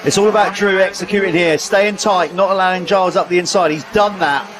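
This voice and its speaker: High-pitched chatty co-commentator. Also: male voice, a little fast, noisy background. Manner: animated, chatty, jokey analysis. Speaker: co-commentator and pit reporter. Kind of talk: live motocross commentary.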